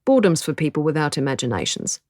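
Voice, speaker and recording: A woman's voice: low voice, big pitch swings, darkish tone, no echo, clean studio sound. A woman voicing a restless young man with a broad London accent. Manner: quick and restless. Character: fidgety young man, deep-voiced.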